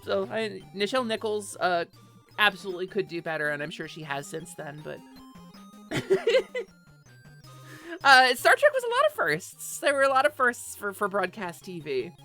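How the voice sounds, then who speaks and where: A woman's voice: mid-range voice, very animated, moderate pace, pauses often, sharp tone, faint music behind. A woman streamer chatting casually and animatedly on a live stream, swearing offhand and laughing often. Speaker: Twitch streamer.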